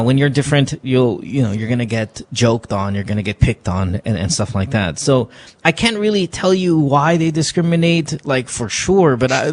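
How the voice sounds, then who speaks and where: A man's voice: mid-range voice, slight background noise. A man hosting a radio call-in show, talking loosely with laughter and profanity. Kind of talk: casual late-night call-in talk. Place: radio studio.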